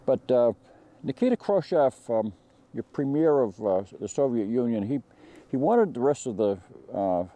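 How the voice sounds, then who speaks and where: This firearms channel host has a fairly low, mellow voice, recorded with no room sound. He talks his way through a rifle review casually, rambling with lots of fillers and false starts.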